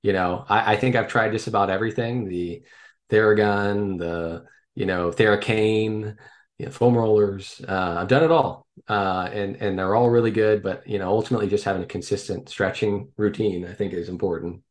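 Male interview guest with a lowish voice, speaks in a reflective, halting way. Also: fairly even intonation. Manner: thoughtful, hesitant with fillers. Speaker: podcast guest. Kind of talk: casual interview.

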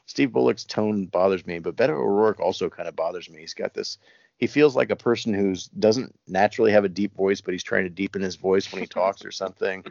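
A man's voice: sits low, fairly quick, gravelly, a little mellow, no room sound, highs cut off. A man on a podcast, chatting casually and rambling with lots of fillers. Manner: rambling, many fillers, laughs often. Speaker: podcast co-host. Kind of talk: casual chat.

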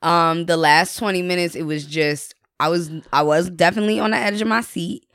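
A woman chatting casually as a podcast guest, expressive and enthusiastic. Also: fairly low pitch, a little fast, dry recording, studio quality.

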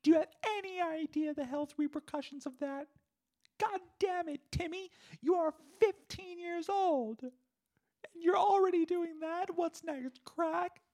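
A man voicing a shrill, image-obsessed middle-aged woman politician, scolding her teenage son in a falsetto. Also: slow, darkish tone. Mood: hysterical. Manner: hysterical, scolding.

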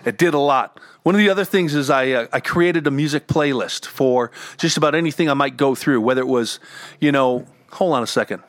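A man's voice: medium pitch, fairly quick, dry recording. Earnest man with a dry close sound. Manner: earnest, repeats words when emotional. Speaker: cancer survivor and entrepreneur sharing advice. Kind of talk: candid personal talk. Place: home with dogs.

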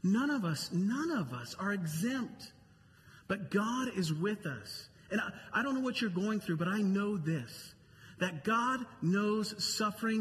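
A man's voice: high voice, expressive, a little slow, a bit bright, in a large hall, slight background noise. A male pastor preaching a sermon in a church auditorium, talking conversationally and repeating key phrases for emphasis.

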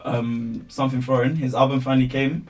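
A man hosting a casual podcast chat about music, quick and often trailing off mid-thought. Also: medium pitch, fairly even intonation. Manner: quick, talks over others, trails off. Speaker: podcast host.

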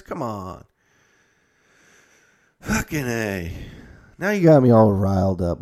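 Profane, animated male podcast host. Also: medium pitch, slow, long pauses. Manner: profane, animated ranting that shifts into a mock-calm guided breathing bit. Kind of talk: casual ranting monologue.

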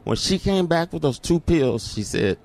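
A man's voice: fairly high pitch, sing-song, moderate pace, creaky, a little mellow. A middle-aged man, telling a personal story as an interview guest and acting out the voices in it.

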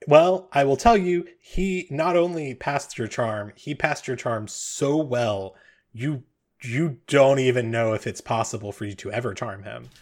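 A man's voice: mid-range voice, measured pace. Male game master, loose rambling narration. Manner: rambling, with frequent fillers.

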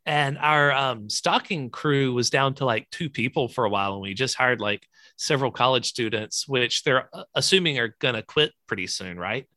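Podcast guy cracking jokes, bright punchy voice, dry mic. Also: medium pitch, normal speed, no room sound. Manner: wisecracking asides. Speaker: podcast co-host. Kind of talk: casual chat.

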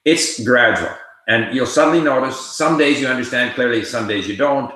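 Older male host answering viewer questions live; forceful, bright tone. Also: mid-range voice, moderate pace. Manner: reads viewer questions aloud and answers conversationally. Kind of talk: casual livestream Q&A. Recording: very echoey room.

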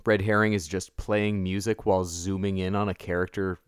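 A man's voice: low-pitched, level tone, a little fast, clean tone, no room sound, studio quality. A man in casual movie-review chat, sarcastic and laughing often as he mocks the characters.

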